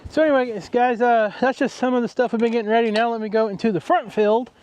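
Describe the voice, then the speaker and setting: A man's voice: very high-pitched, fairly even intonation, fast, darkish tone. A man, an easygoing farmer chatting outdoors on his farm and talking to his animals. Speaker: farmer, vlogger. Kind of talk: casual farm vlog.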